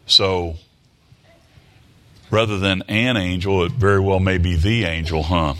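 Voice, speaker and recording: Low-voiced folksy preacher. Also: male voice, unhurried, fairly bright tone. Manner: folksy, with rhetorical tag questions. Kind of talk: sermon mixing scripture reading and commentary.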